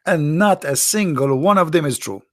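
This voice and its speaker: A man with an Arabic accent hosting a live online talk, animated and mocking, often repeating himself. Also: fairly high pitch, moderate pace. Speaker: online show host. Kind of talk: casual live-stream talk.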